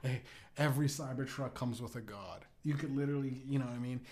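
Male comedy podcast host, mid-pitched; rambling, crude, provocative, stumbling restarts. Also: quick pace, a little mellow.

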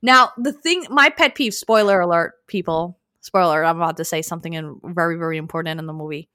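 A woman co-hosting a casual chat, animated, teasing her co-host and ranting with emphasis. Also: fairly low pitch, brisk, clear, resonant tone.

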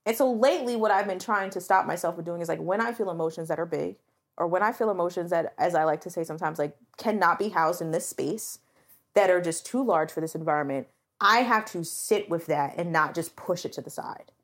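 Chatty woman, animated storyteller. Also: fairly low pitch, brisk. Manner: chatty, animated, confessional, leans on "like" and acts out quoted voices. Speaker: podcast co-host. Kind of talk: casual chat.

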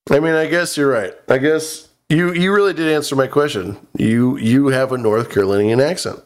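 A man's voice: medium pitch, normal speed. A man co-hosting a stream, bantering loosely and cursing freely. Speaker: co-host. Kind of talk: casual chat on a live stream.

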